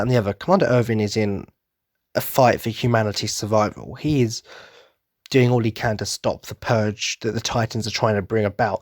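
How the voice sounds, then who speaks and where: A man's voice: fairly low pitch, no room sound, clean studio sound. A man hosting a podcast, chatting with rambling enthusiasm and casual swearing. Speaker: podcast host.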